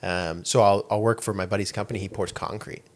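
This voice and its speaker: A young man with a lowish voice hosts a laid-back podcast chat. He rambles loosely and leans on filler words like "like" and "you know" as he works through his thoughts. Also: fairly even intonation, a little fast. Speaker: podcast host. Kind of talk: casual chat.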